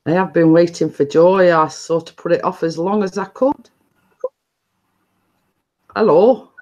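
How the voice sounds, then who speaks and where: A woman's voice: lowish voice, a little slow, darkish tone, lo-fi sound, slight background noise. A Northern English woman hosting a casual home live stream, chatting in long, rambling stories full of dialect phrasing.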